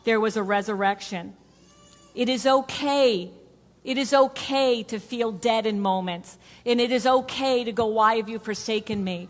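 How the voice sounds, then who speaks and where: Woman preaching in a reverberant church. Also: on the high side. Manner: earnest, repetitive preaching cadence that drops to a hush for emphasis. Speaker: pastor. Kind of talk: sermon. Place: church sanctuary. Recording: long hall reverb.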